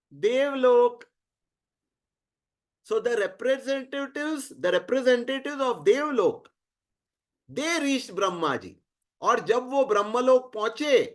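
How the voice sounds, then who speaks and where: High-voiced Indian man telling a story. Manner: animated, asks the listeners rhetorical questions; switches freely between English and Hindi. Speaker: teacher. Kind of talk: storytelling lecture.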